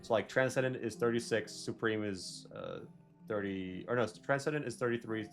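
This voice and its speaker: A man's voice: on the low side, moderate pace, soft background music. A young man giving casual, rambling gameplay commentary, correcting himself and drifting into jokey rants. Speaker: gaming video creator.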